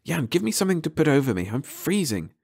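A man voicing a shivering, anxious young woman, speaking high, urgent and fretful. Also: very animated, fast, vocal fry, a little mellow, slightly rough, dry recording, clean studio sound, full character voice.

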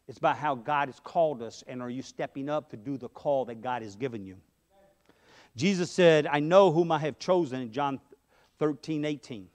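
A pastor with a high, darkish voice preaches in a church sanctuary. His conversational style weaves personal stories in between his points.

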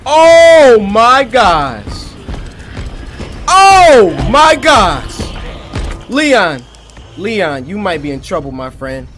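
A man giving hyped, trash-talking let's-play commentary on horror games, shouting catchphrases, with game music behind him. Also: high voice, very animated, drawn-out words, pauses often. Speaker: gaming YouTuber. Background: game music and sound effects.

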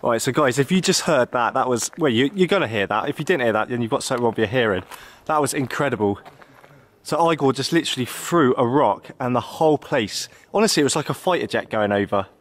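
A man casually narrating a travel vlog outdoors, chatty, excitable and jokey. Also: medium pitch, quick pace. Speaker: vlogger exploring abandoned places. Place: outdoors in an abandoned zone.

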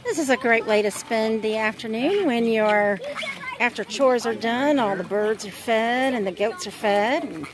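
A woman's voice: on the high side, measured pace, noisy background. A woman giving a casual walk-and-talk tour of her homestead, chatting to her animals. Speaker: homesteading vlogger. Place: outdoors on a homestead with poultry.

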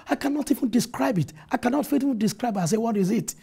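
A man's voice: very high-pitched, lively intonation, quick pace, vocal fry, warm tone, breathy edge. A pastor telling his stories of faith in a TV interview, earnestly quoting scripture and retelling events with animation. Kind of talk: testimony in a TV interview. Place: TV studio.

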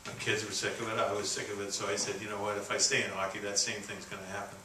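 A man in his sixties from Canada giving a keynote speech, telling stories in a folksy, halting way full of fillers and restarts. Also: lowish voice, level tone, pushed and bright, a little hiss or hum. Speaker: keynote speaker. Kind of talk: storytelling speech. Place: conference hall. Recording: roomy, distant venue recording with faint ambience.

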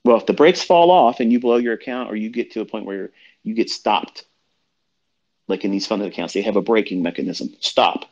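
A man with a low voice delivers a blunt, profanity-heavy lecture to his listeners as a trading mentor, and his pitch jumps sharply when he gets heated. The sound is dull and lo-fi, like an online audio stream. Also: a little fast, darkish tone. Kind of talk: profane motivational rant on a live audio chat.

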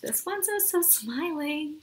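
Slow, gentle, high-voiced woman. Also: expressive, a little hiss or hum. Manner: gentle, encouraging, speaks directly to children; sings along with guitar. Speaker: music therapist. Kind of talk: children's music therapy lesson.

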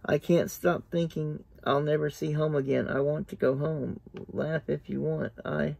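A man's voice: a little high, steady tone, a little slow, vocal fry, a little mellow, dry recording, full character voice. A man reading an audiobook aloud, voicing a frightened, homesick young country man in a mumbling, lifeless way. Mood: despairing.

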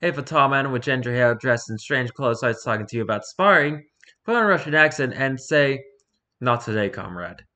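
Bright-voiced man reading horror rules. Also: mid-range voice, brisk. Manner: lively reading with occasional stumbles and restarts. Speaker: YouTuber reading horror stories.

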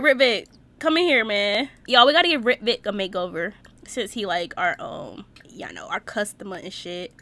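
A young woman chats over her life-sim gameplay in a high, bright voice that swings up and down all the time. She is expressive, swears freely and keeps talking straight to her viewers. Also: no echo. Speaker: Sims gameplay YouTuber. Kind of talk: casual gameplay commentary.

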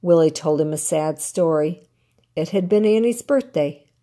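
An older woman, a grandmother, reading a children's picture book aloud in an expressive, animated way. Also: deep voice, a little slow. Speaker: storyteller grandmother.

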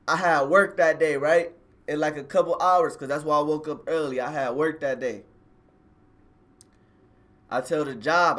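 Casual male streamer, a touch high-pitched, loose slangy storytelling to his audience over a phone mic. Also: fairly bright tone. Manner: slangy, rambling, addresses viewers directly. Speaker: live streamer telling a personal story.

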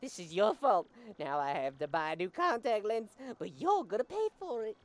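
A woman voicing a shrill, bossy woman who scolds and shouts high and loud. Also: huge pitch swings, a little slow, no room sound. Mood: furious.

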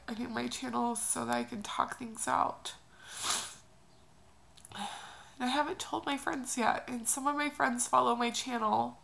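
A young woman from Oklahoma, crying as she talks through an emotional personal update in a halting, confessional way. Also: fairly high pitch, vocal fry, fairly bright tone, poor audio. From Oklahoma, USA. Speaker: vlogger.

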